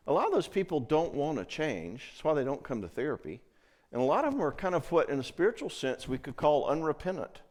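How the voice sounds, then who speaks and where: A man's voice: fairly high pitch, very animated, fairly quick, a little mellow. A middle-aged man giving a conference talk on marriage in a conversational way. He keeps checking in with the audience as he speaks. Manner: conversational, acts out quoted voices, frequent check-ins.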